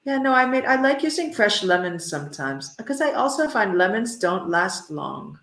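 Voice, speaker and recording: An American woman leads an English lesson in a roomy, echoing space. Her pitch sits in the middle of the range, and she talks in a playful way, heaping praise on the class. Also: big pitch swings, moderate pace, fairly bright tone. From United States. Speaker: English teacher. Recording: roomy echo.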